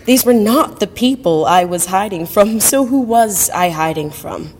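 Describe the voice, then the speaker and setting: A woman's voice: medium pitch, animated, measured pace, a little mellow, slight background noise. A woman telling a personal story as a monologue on stage, reflective in manner. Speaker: monologue performer. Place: university event hall. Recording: long hall reverb.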